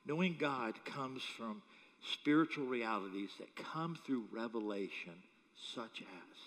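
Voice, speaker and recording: Animated preaching man in a hall. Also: mid-range voice, slow pace. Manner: animated, humorous storytelling with chuckles. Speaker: pastor. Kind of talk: sermon. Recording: echoey hall.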